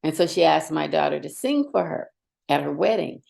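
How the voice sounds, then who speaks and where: A middle-aged woman with a low voice and a heavily gravelly, fried texture. She tells classroom stories in an animated, emphatic, direct way, like a seasoned teacher talking as a podcast guest. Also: moderate pace. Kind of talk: storytelling in conversation.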